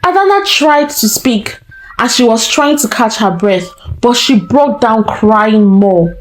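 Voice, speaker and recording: A woman storyteller narrating a folktale in a slow, deliberate way. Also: on the high side, lively intonation, rough recording.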